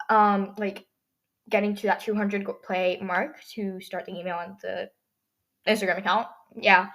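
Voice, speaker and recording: A woman's voice: on the high side, a bit bright. Chatty teen girl with a dry throat. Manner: chatty, rambling, heavy use of "like". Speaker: podcast host. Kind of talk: casual solo podcast chat.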